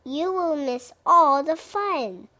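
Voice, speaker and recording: A woman voicing an eager, cheerful male frog who calls out excitedly in a storybook reading. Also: on the high side, slow, no echo. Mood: pleading. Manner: excited calling.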